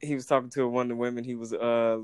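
A man's voice: mid-range voice, fast talker, smooth, no echo. A man, casually telling a story, acting out the people in it and laughing often. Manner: animated, acts out voices in anecdotes, laughs often.

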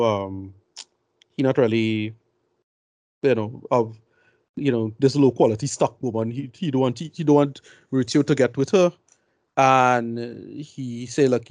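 A man's voice: medium pitch, no echo, studio quality. A man giving blunt, rambling film opinions in a casual podcast chat. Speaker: film review podcast co-host.

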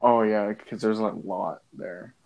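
A man's voice: lowish voice, fairly even intonation, unhurried, creaky, highs cut off. A young man in casual chat, rambling with lots of fillers and restarts, laughing often.

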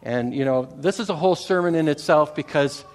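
A man's voice: fairly high pitch, a little fast. A middle-aged Canadian man preaching a sermon in a conversational way. He often repeats words and checks in with the congregation. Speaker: pastor.

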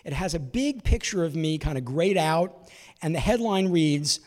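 A man's voice: a little high, animated, moderate pace, long reverb tail. A man telling a long story as a stand-up comedian, in a conversational, wry manner that acts out the voices of the people he quotes.

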